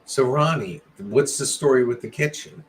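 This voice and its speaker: A man hosting a casual late-night video diary, talking in a low-key, mumbling way. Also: moderate pace. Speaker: vlog host.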